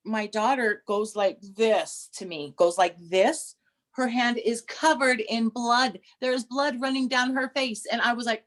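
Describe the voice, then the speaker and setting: A middle-aged woman co-hosting a casual chat, telling stories with restarts and animated quoted voices. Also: fairly high pitch, slow pace. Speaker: podcast co-host.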